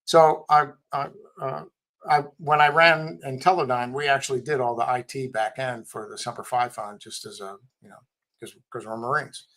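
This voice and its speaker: Middle-aged guy telling blunt wry war and work stories, candid, mid pitch. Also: steady tone, normal speed, fairly bright tone, rough recording. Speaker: guest, tech company CEO and Marine veteran. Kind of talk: casual storytelling in a podcast interview.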